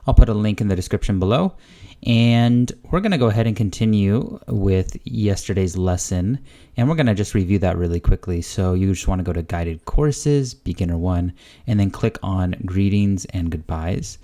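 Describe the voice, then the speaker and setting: A young man hosting a casual tutorial, chatty and relaxed, thinking aloud as he clicks through a lesson. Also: deep voice, normal speed. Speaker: language-learning channel host. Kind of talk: casual screen-recorded tutorial.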